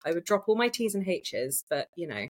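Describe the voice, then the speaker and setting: A woman's voice: fairly low pitch, sing-song, a little fast, darkish tone. A woman with a posh British accent and a cold, chatting thoughtfully and self-deprecatingly as a podcast guest. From United Kingdom. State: has a cold. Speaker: guest author. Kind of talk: casual podcast chat.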